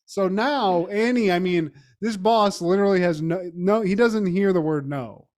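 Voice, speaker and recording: A man co-hosting a podcast, recapping a TV episode in casual chat with animated, profane storytelling and frequent laughter. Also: sits high, moderate pace. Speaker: podcast co-host.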